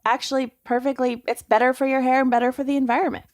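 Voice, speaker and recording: A woman co-hosting a podcast, reading the show intro and then chatting in a brisk, matter-of-fact way. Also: high-pitched, little pitch movement. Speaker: podcast co-host. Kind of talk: scripted show intro and casual chat. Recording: music playing behind the voice.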